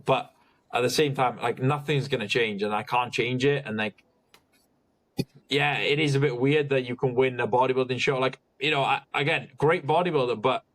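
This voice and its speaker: A man talks in a casual podcast chat, his pitch sitting at an ordinary middle level. He stops and restarts often, leaning on fillers as he works his thoughts out aloud. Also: fairly bright tone. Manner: halting, full of restarts and "like". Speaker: podcast guest, bodybuilder.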